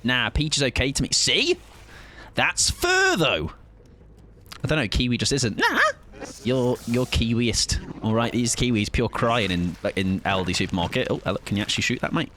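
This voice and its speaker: A man's voice: mid-range voice, fast, hardly any pauses, fairly bright tone, a little hiss or hum. A man in his thirties chatting casually and joking with his audience while streaming a game. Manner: joking, self-mocking banter with chat. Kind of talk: casual chat while gaming.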